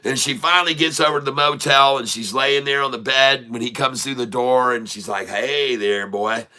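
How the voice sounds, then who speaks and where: Very bright-voiced man chatting on a livestream. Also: medium pitch, brisk. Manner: rambling, laughs often, repeats words. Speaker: livestream day trader. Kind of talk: casual livestream chat and joke-telling.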